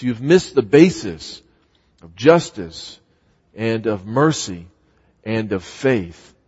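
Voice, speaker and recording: A man's voice: fairly high pitch, darkish tone, husky. Emphatic male preacher in a reverberant hall. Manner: emphatic, repeats words, voices scripture quotes dramatically. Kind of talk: sermon. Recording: muffled sound with long hall reverb.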